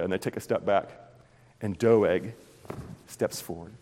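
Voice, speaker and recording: Animated preacher in a large hall. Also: male voice, mid-range voice, measured pace, pauses often, slight background noise. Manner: animated storytelling, acting out scenes. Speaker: pastor. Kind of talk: sermon. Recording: long hall reverb.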